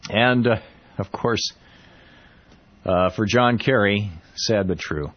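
A man hosting a political talk radio show, speaking in a halting, sarcastic monologue full of restarts. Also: lowish voice, muffled recording.

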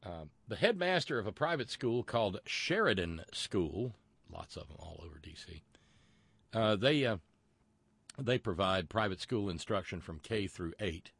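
A man's voice: low voice, gravelly, fairly bright tone, slightly rough, no room sound. A man hosting a call-in radio talk show, chatty and rambling with many fillers and restarts, and wry asides.

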